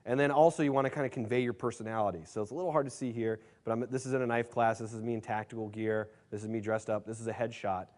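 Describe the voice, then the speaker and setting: A man's voice: mid-range voice, steady tone, quick pace, few pauses, darkish tone. A man presenting a dating seminar in a brash, casual storytelling way, swearing freely and leaning on fillers. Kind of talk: casual seminar talk to a live room.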